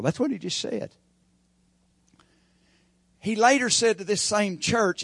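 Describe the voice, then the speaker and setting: A man delivers a folksy sermon, his slightly high voice swinging between booming emphasis and hushed, confiding asides. The sound is dry and close, with little room around it. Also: a little slow, pauses often, no echo. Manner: folksy preaching that swings from shouting to quiet asides. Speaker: pastor.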